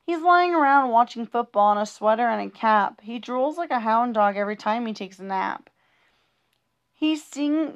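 A woman's voice: fairly high pitch, clear, resonant tone. A woman reading humorous rhyming children's poems aloud in a playful, sing-song rhythm.

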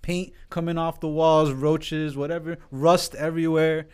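A man's voice: fairly high pitch, level tone, a little slow, clear, resonant tone. Blunt, profane man in podcast chat. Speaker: podcast co-host. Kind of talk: casual chat.

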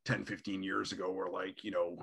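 A man in his thirties hosting a casual podcast conversation, animated and quick to mimic other people in quotes. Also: low-pitched, vocal fry, breathy edge. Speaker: podcast host.

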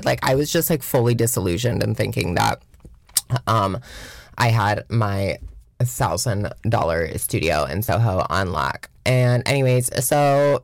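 A woman's voice: extremely low pitch, creaky, dry recording. A young adult woman from Washington State, telling a casual, profane storytime with lots of filler words. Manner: chatty, profane, heavy filler "like", mocking voices in quotes. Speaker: vlogger.

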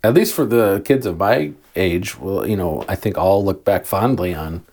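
Low-voiced man, agreeable interviewer. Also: gravelly, darkish tone. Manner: agreeable, halting, full of fillers. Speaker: former student interviewing his teacher. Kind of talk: casual interview.

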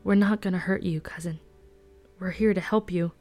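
A woman reading a tired, worried young man, soft and low. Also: fairly even intonation, normal speed, faint music behind, close to an everyday voice. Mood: earnest. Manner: quiet, earnest.

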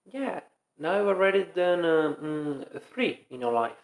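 A man's voice: on the high side, animated, measured pace, roomy sound, poor audio. A man co-hosting a podcast in casual chat, joking and teasing. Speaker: podcast co-host.

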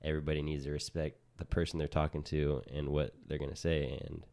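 Very deep-voiced casual podcast host. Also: male voice, brisk. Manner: relaxed, addresses listeners as "you guys".

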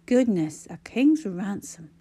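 A woman voicing a brisk shopper who speaks with sarcastic emphasis. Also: medium pitch, sing-song, dark tone, breathy edge, heavily acted. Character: brisk sharp-tongued woman shopper, kind but sarcastic.

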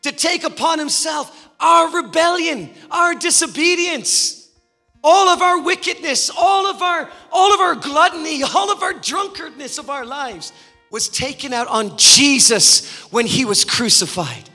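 A man preaching a sermon as a guest speaker, impassioned and rising to shouts. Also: very high-pitched, expressive, measured pace. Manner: impassioned, rising to shouts, acting out voices in parables. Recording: long hall reverb with faint guitar behind.

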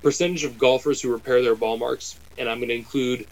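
A man's voice: mid-range voice, steady tone, fairly quick, rough recording. Rambling, joking male podcast host. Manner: rambling, self-correcting, joking. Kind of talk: casual podcast chat.

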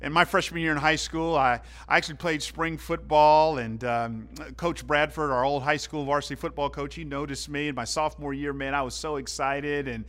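A man from the southern United States preaching a sermon, telling stories in an animated way and swinging between loud and hushed. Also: on the high side, moderate pace, few pauses. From southern United States (Atlanta). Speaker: pastor.

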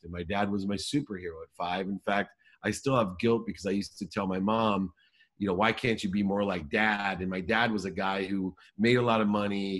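A man in his forties tells his own story in a lowish voice. He speaks earnestly and with emphasis, and slows down to lean on the lines that matter most. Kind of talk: personal story told in conversation.

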